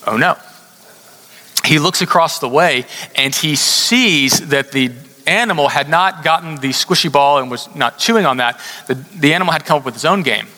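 A man preaching a sermon, telling a story in a conversational way and slowing down hard to stress his points. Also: a little high, sharp tone. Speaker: pastor. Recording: long hall reverb.

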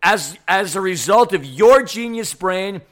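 A man co-hosting a sports podcast, hoarse and playful, riffing dramatically. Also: sits high, animated, a little slow, fairly bright tone. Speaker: podcast co-host. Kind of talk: casual sports podcast chat.

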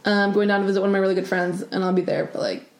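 A woman's voice: medium pitch, flat delivery, rapid-fire. A woman co-hosting a podcast in playful casual chat, laughing easily. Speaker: podcast co-host. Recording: echoey room.

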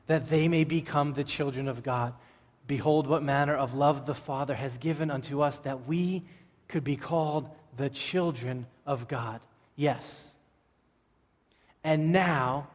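A man preaching a sermon in a large church hall, his slightly high voice ringing with long reverb. He talks slowly and deliberately, hammering home points by repeating phrases. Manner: emphatic, repeating phrases for stress. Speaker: pastor.

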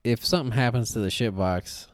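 Clean studio sound with no room tone captures a man of medium pitch talking a little fast. He's a podcast co-host telling a lively story in relaxed chat, dropping frequent swear words and filling gaps with "like."

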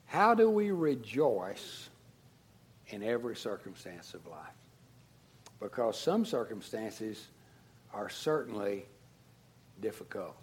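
A man preaching a sermon as pastor, swinging from raised emphatic lines down to soft, low endings. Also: a little hiss or hum. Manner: dynamic preaching, rising to emphasis then dropping low and soft.

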